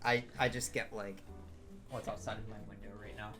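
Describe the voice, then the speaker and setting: A man's voice: lowish voice, little pitch movement, a little fast, over music. A man co-hosting a casual podcast from his home, giving short, dry replies and swearing now and then. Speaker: podcast co-host. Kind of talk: casual chat over a call. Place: home in Pennsylvania.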